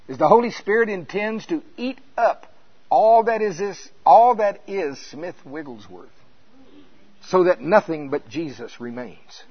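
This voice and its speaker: In a high-pitched voice with a breathy edge, a man reads scripture during a sermon, stopping mid-sentence to expound on the verses. He frequently interjects "Hallelujah." The sound is lo-fi.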